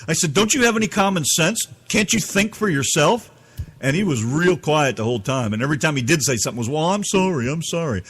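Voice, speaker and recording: A man's voice: fairly high pitch, fast talker, a bit bright, slightly rough. A man from the United States telling an angry, profane story as a podcast co-host. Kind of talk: ranting storytelling.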